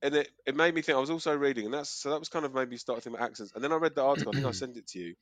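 A man's voice: medium pitch, racing, no echo. A middle-aged man from Kent with a South East English accent, chatting casually and rambling through a story with fillers and restarts. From Kent, South East England. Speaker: podcast co-host. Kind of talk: casual chat. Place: living in Australia.

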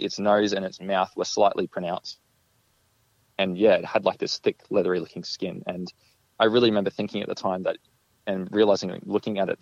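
Man, casual storytelling, rambling with fillers, deep voice, dull dry audio. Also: gravelly, dry recording. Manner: rambling, full of "like" and "you know". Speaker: guest recounting an encounter. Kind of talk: casual first-person storytelling.

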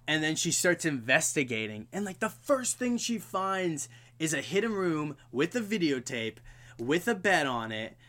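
A man co-hosting a casual movie discussion, talking in an animated way and acting out characters' lines as he recaps scenes. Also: a little high, normal speed. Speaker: podcast co-host.

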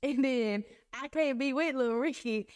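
A woman's voice: high voice, measured pace, clear, resonant tone, no room sound, clean studio sound. A young woman hosting a casual faith podcast, telling personal stories candidly and acting out both sides of conversations. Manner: candid, animated storytelling with acted-out dialogue. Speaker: podcast host.

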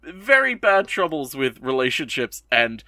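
A young man co-hosting a podcast, recapping an anime episode in a rambling, profane way and tossing in quick bits of mock dialogue. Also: a little high, sing-song, bright, forceful tone, no room sound. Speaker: podcast co-host.

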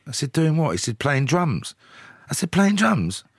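A man's voice: a little high, very animated, a little fast, vocal fry, husky, no echo, clean studio sound. A man, a singer telling anecdotes in an interview. He talks in a chatty way and laughs as he tells his stories. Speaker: guest, singer. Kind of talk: storytelling interview.

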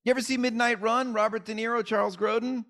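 A male comedian chatting as a podcast guest, animated and quick to jump into bits. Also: very high-pitched. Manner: animated, jumps into bits, restarts. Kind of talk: casual podcast chat.

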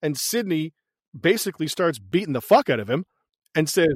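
Laughing, profane high-voiced man. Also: normal speed, very noisy. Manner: laughing, profane, animated retelling. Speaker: podcast co-host. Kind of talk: casual movie recap chat.

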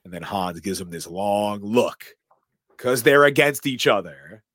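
A man's voice: lowish voice, a little slow, dry recording. A man co-hosting a podcast, animatedly retelling a film scene by scene in casual chat and acting out the quotes. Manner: animated storyteller, acts out quotes and swears casually. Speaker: podcast co-host recapping a film.

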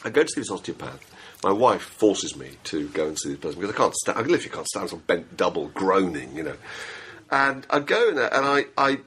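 A man's voice: low-pitched, big pitch swings, fast, a bit bright, husky. A middle-aged man telling a funny story in a casual podcast chat, laughing as he goes. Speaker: magazine podcast regular.

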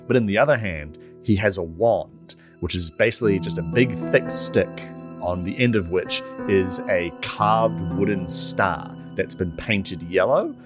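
A player with a fairly low voice describes his game character loosely and ramblingly, full of fillers and restarts, while music plays clearly underneath.

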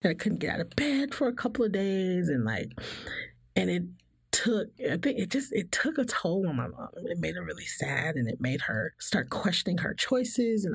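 Husky gravelly woman chatting openly, laughs a lot, does little voices for people. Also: fairly low pitch, normal speed, dry recording. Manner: animated, laughs often, acts out others' voices. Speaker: guest. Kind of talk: candid personal conversation.

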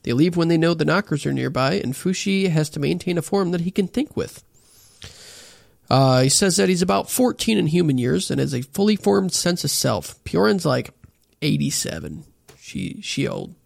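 Casual co-host: a man with a slightly high, gravelly voice, recorded dry and close, recapping an anime episode by episode. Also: expressive, normal speed, dry recording. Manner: laid-back, swearing, summarizing episodes. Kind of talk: casual chat.

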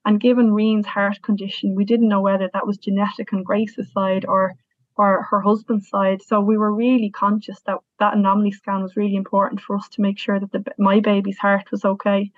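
A woman's voice: mid-range voice, no echo. Irish woman in her thirties, earnest personal storytelling, tinny phone-like audio, dry. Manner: earnest, emotional, with frequent restarts.

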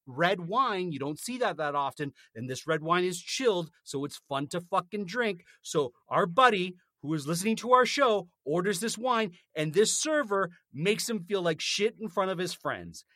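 Man, podcast co-host, indignant, swearing, lively pitch, dry close sound. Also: moderate pace, few pauses, no room sound. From North America. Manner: animated, indignant, swears freely. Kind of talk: casual chat, ranting story.

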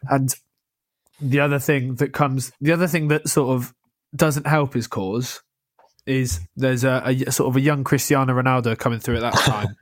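A young man in casual football chat, talking with a passionate rush and constant restarts. His voice sits at a middling pitch. The sound is close and dry, with no room at all. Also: fairly even intonation, dry recording. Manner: passionate, rapid, many restarts. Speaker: podcast co-host.

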